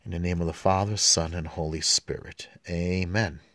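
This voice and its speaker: Deep-voiced man reading scripture. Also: steady tone, normal speed, fairly bright tone, no echo, clean studio sound. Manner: informal asides with fillers between readings. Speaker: podcast host reading the Mass readings. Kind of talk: reading scripture aloud, prayerful.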